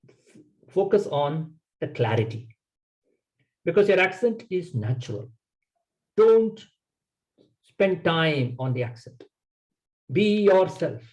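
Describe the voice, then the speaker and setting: A man's voice: fairly high pitch, expressive, unhurried, poor audio. A man giving a public speaking workshop lecture, emphatic and coaching, in short instructive sentences.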